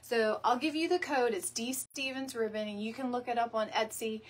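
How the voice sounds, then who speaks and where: A woman hosts a home decor tutorial, chatting and rambling as she works, saying "y'all" and laughing easily. Her voice is on the high side with a steady tone at normal speed. The mic is somewhat distant, catching faint room ambience and slight background noise.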